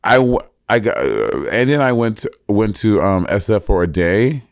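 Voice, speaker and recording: Sassy co-host, man, mid pitch, giggly, playful jabs, dry close recording. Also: sing-song, moderate pace, creaky, no echo. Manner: sassy, laughs often, playful insults. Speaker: podcast co-host. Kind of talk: casual chat.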